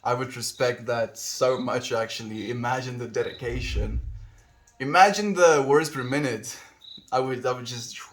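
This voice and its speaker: A man's voice: mid-range voice, moderate pace, fairly bright tone. A young man streaming live, chatting casually with viewers, easygoing and affectionate, laughing often. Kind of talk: casual livestream chat reading viewer comments.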